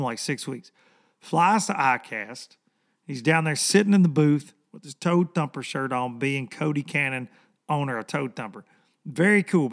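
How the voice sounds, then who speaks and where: A man hosting a fishing podcast in casual chat, hoarse from losing his voice, rambling and repeating words for emphasis. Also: mid-range voice, fairly bright tone.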